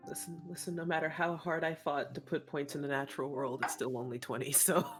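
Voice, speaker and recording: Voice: mid-range voice, little pitch movement, brisk, a bit bright, faint music behind. A player joking casually during a tabletop game. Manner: playful, joking.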